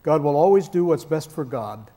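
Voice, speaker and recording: A man's voice: on the high side, animated, moderate pace, dark tone. A man preaching a sermon in a conversational, emphatic way with touches of dry humor.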